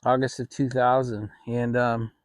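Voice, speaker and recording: A man's voice: medium pitch, a little slow, no echo. Middle-aged man telling a story casually. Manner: relaxed, rambling, with restarts. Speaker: channel host. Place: home, relaxed fireside setting.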